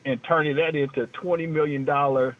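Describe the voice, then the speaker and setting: A man's voice: on the high side, steady tone, fairly quick. A man co-hosting a casual talk show, rambling in a loose, joking way. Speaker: co-host. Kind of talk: casual talk-radio chat. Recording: tinny phone line.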